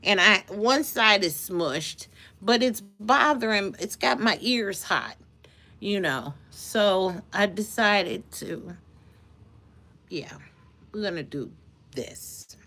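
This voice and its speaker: Woman streamer, slow unhurried delivery, bright edgy tone, animated storyteller chatting with viewers. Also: mid-range voice. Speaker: live streamer. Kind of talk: casual live-stream chat.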